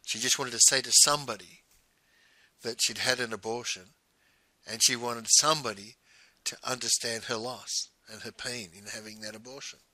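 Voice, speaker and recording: Male storyteller, very bright tone, dry close sound, conversational and full of quoted dialogue. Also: mid-range voice, fairly even intonation, moderate pace, no echo, poor audio. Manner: conversational, often quoting dialogue. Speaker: host. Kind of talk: personal storytelling.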